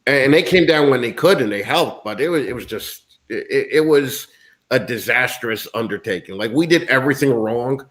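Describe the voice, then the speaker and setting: A man's voice: medium pitch, animated, normal speed, fairly bright tone. A man from the United States, a guest in a casual chat, talking bluntly with lots of swearing and ranting.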